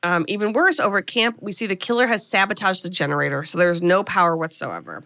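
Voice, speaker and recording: A woman's voice: fairly low pitch, animated, fast, pushed and bright. A woman podcast host casually recapping a horror film plot as a chatty storyteller. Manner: chatty storyteller, quotes characters.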